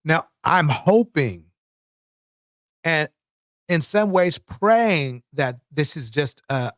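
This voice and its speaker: Man, livestream commentary host, very slow, emphatic repetitions. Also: on the high side, lively intonation, a bit bright, no echo, studio quality. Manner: emphatic, repeats words for effect.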